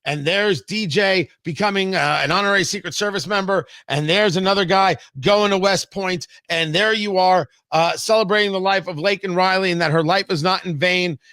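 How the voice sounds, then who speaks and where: A man hosting a political talk show, opinionated and brisk, stumbling over his words now and then. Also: high voice, bright, forceful tone, no echo. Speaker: radio talk show host.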